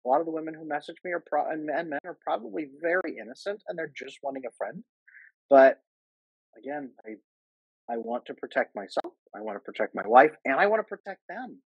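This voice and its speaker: A man with a husky, slightly raised voice talks earnestly as a guest, restarting his sentences often. The sound is dry and close, over a choppy livestream video call. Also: a little high, lively intonation, fairly quick, dry recording, muffled recording. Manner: earnest, many restarts and acted-out quotes. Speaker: guest, attachment coach. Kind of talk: casual interview chat.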